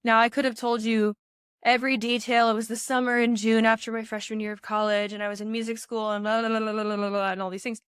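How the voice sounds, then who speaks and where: A woman's voice: fairly high pitch, quick pace, clear, resonant tone, no room sound, studio quality. A young woman and pageant coach giving emphatic podcast advice, addressing listeners directly, heavily pregnant and a little out of breath. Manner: energetic, emphatic, addresses listeners as "you guys".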